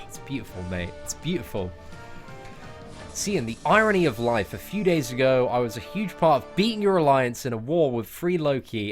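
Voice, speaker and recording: A young British man in his twenties, livestreaming a game and bantering casually with his chat in a laid-back, jokey way. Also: medium pitch. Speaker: gaming livestreamer. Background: music playing.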